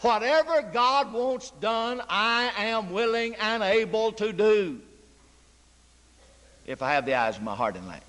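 A man's voice: sits high, sing-song, measured pace, fairly bright tone. A man preaching a sermon in a church, emphatic and full of rhetorical questions to the congregation. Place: church sanctuary. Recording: long church reverb.

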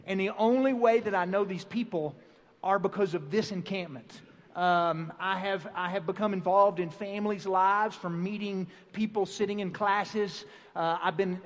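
A middle-aged man leads a folksy church family class, chatty and full of restarts. His voice sits high. It rings through a big hall with long reverb. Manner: chatty, rambling with many fillers and restarts. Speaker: family seminar speaker. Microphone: handheld or stand microphone.

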